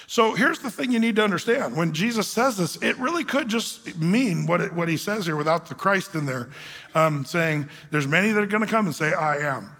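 Man, pastor, high voice, casual joking sermon, lots of fillers, long reverb of a church hall. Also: fairly bright tone. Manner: chatty and joking, with many fillers and asides. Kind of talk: conversational sermon. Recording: echoey hall.

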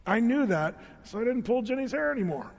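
A man pastor giving a storytelling sermon in an animated, conversational way with joking asides. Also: very high voice, brisk, gravelly, slightly rough, long reverb tail.

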